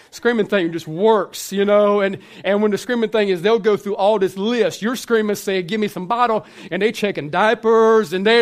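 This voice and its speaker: A man preaching a sermon, telling a story with lively swings from hushed asides to shouted lines. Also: high voice.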